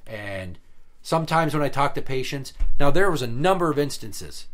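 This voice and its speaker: A man's voice: medium pitch, animated, moderate pace, a bit bright. A man in casual podcast chat, venting about an old job in a blunt, profane way, with heated emphasis. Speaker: podcast guest telling work stories.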